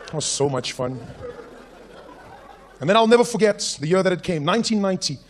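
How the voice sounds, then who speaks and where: A young man telling stand-up comedy stories, animated and acting out characters and sound effects. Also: high voice, brisk. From South Africa. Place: live comedy stage.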